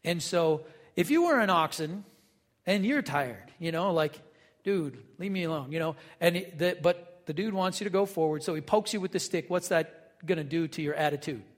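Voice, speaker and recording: High-voiced pastor in a reverberant hall. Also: male voice, normal speed. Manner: conversational, folksy asides, acts out quotes. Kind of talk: sermon.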